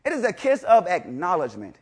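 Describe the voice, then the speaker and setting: Here a male preacher addresses his flock with huge pitch swings, a slightly quick delivery, and a breathy edge. His sermon is emphatic and repetitive, shifting from loud statements to low, intense moments, punctuated by rhetorical questions.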